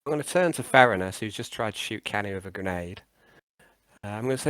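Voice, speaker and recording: Male tabletop player, lively pitch, dry sound. States his character's moves plainly. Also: fast, smooth, dry recording. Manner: declares actions in a matter-of-fact way. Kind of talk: casual play at the table.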